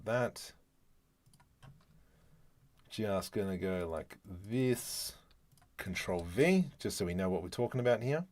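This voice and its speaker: A man with a lowish, slightly mellow voice and an Australian accent from Adelaide talks slowly, pausing often, with lively intonation. He's a 3D artist live-streaming a modeling tutorial, chatting, joking and talking to himself as he works. There's slight background noise.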